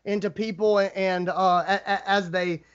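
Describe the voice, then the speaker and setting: High-voiced man narrating a tabletop game. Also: level tone, clear, resonant tone, highs cut off. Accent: Southern US. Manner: halting, filler-heavy storytelling. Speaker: dungeon master.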